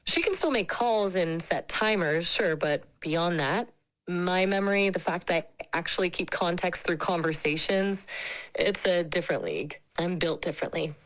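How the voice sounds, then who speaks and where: A woman's voice: fairly low pitch, expressive, moderate pace, fairly bright tone, poor audio. Friendly, chatty synthetic female companion voice. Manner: chatty, opinionated, friendly and casual. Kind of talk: conversational AI chat.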